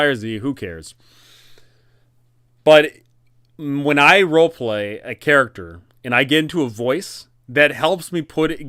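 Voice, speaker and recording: A man hosting a casual tabletop-game advice talk, animated and rambling, correcting himself often. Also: on the high side, smooth, no echo, studio quality. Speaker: dungeon master and channel host.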